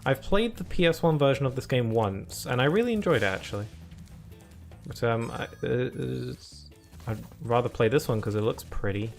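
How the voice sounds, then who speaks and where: A man's voice: mid-range voice, lively intonation, moderate pace, vocal fry, a little mellow, faint music behind. A man streaming a video game live, chatting casually and rambling to his viewers as he plays. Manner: chatty and rambling, talks to chat between laughs.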